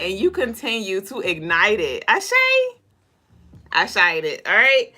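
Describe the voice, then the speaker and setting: A woman hosting a casual spiritual reading livestream, talking straight to viewers in a loose, profane, animated way. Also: mid-range voice, slow pace, faint music behind. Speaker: spiritual reader and co-host.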